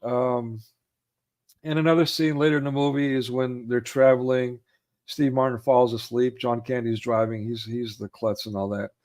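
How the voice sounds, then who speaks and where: A man's voice: medium pitch, little pitch movement, moderate pace, a little mellow. A man in casual conversation, recalling favorite film scenes and laughing easily as he talks. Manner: retells film scenes, acting out quotes with raised voice; laughs easily, many fillers. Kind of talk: casual chat about films.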